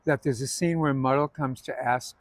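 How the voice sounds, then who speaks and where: A man's voice: mid-range voice, fairly even intonation, normal speed, no echo. A man hosting a casual chat, sharing stories and acting out what others said. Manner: chatty, acts out quotes in his stories. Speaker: host.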